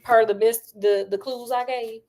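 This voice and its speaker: A woman's voice: a little high, steady tone, measured pace, darkish tone, soft background music. Chatty, slangy woman storyteller. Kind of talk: casual comic story retelling.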